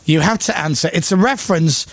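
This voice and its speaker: A man's voice: on the high side, fairly quick, vocal fry, no echo. A man from Coventry with an English accent, hosting a radio breakfast show in casual, playful chat from a studio mic. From England. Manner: jokey, playful, bursts into silly shouts. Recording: music playing under speech.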